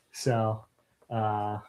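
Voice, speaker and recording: A middle-aged man hosting a casual live stream, telling animated stories and acting out quotes. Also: on the low side. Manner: animated storyteller, acts out quotes. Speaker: host.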